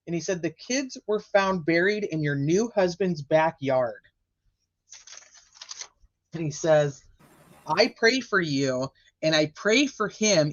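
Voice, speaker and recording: A man hosting a podcast, chatting casually and quickly retelling court testimony he wrote down. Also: fairly high pitch, lo-fi sound. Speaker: podcast host. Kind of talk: casual chat.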